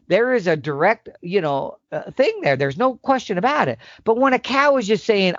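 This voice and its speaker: A man explaining elk calling tactics in casual podcast talk, emphatic and animated, sometimes acting out the calls. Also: sits high, brisk, few pauses, no echo, muffled recording. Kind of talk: instructional podcast chat.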